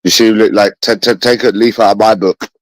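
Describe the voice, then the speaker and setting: A man with a London accent delivers a long, bitter livestream monologue to his chat. His voice sits low and sounds close and dry. He circles back over the same words and swears freely. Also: steady tone, brisk, no echo, poor audio. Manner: bitter, repetitive, swears often.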